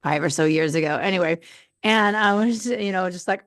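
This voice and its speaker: A woman's voice: mid-range voice, moderate pace, no room sound. Earnest woman podcaster, dry sound. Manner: earnest, rambling storytelling. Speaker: podcast host. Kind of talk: live podcast monologue.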